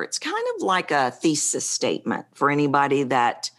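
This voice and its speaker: A woman's voice: extremely low pitch, huge pitch swings, normal speed. A middle-aged woman speaking coach, talking animatedly in an interview and shifting her pace for emphasis. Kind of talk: conversational interview.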